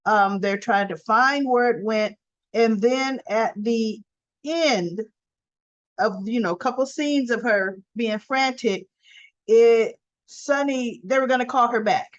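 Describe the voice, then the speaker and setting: A woman's voice: on the high side, slow. A woman recapping a soap opera episode in a chatty, rambling way full of fillers and asides. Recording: dull lo-fi sound.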